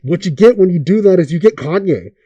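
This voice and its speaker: A young man with a dark, mellow voice, pitched a little high for a man. He rants through a casual podcast, swearing freely and firing off rhetorical questions. The sound is dry and close. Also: animated, a little fast, breathy edge, dry recording, dull audio. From Oakland area. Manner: profane, ranting, rhetorical questions. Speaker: podcast host.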